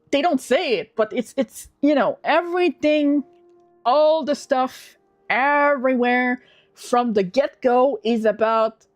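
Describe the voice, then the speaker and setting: A young woman with a high voice rants casually to her livestream audience, swearing and restarting her sentences as she goes. Faint music plays quietly under her voice. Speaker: livestream host.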